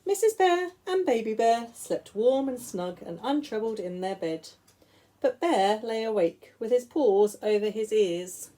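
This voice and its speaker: A woman teacher reading picture books aloud to young children in an expressive, sing-song way. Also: on the high side, unhurried. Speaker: school teacher.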